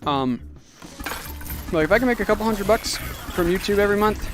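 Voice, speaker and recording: A man's voice: high-pitched, expressive, moderate pace, over music. A young man chatting casually on a livestream, rambling with lots of fillers while answering chat. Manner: rambling, filler-heavy, reads chat aloud. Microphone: clip-on magnetic microphone.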